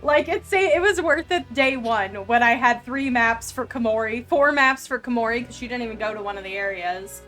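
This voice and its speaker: A woman game master talking with her players over an online call, chatty and laughing often, narrating the scenes in a steady storyteller's read. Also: fairly high pitch, moderate pace, hardly any pauses, faint music behind. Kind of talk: narrating a tabletop game on a live stream.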